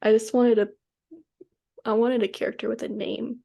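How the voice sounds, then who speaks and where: A woman's voice: fairly high pitch, level tone, moderate pace, vocal fry, dull audio. A young woman co-hosting a podcast, chatting casually in a rambling way with many restarts. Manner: rambling, full of restarts and fillers. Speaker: podcast co-host. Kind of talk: casual chat.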